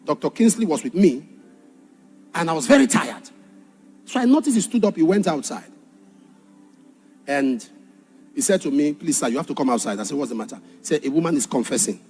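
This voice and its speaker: Brief: high-pitched male preacher, impassioned, husky, over soft background music. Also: lively intonation, a little fast, long pauses. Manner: impassioned, shifts from shouted warnings to hushed storytelling. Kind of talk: sermon.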